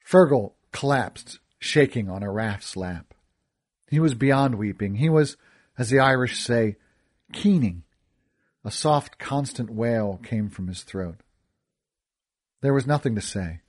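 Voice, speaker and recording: A man narrating a first-person audiobook story, expressive and wisecracking in his character's dialogue. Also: mid-range voice, takes it slowly, pauses often.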